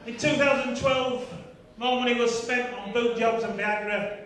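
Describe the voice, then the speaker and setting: A man's voice: extremely high pitch, fairly even intonation, normal speed, a bit bright. A man in his fifties performing a stand-up comedy routine, chatty and teasing the crowd with tag questions. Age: 50s. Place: large comedy venue, live audience. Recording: echoey venue from far off with crowd. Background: audience laughter.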